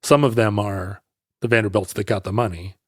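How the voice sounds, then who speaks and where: A man's voice: fairly low pitch, steady tone, a little fast, dry recording, clean studio sound. A man co-hosting a podcast, telling a history story in casual chat, rambling and correcting himself, laughing easily.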